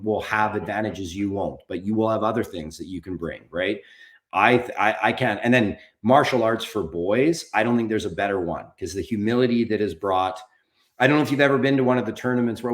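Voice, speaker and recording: A man in his forties, a podcast guest, talking candidly and rambling a bit, swearing casually. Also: on the low side. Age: 40s. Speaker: podcast guest, documentary producer. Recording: roomy echo.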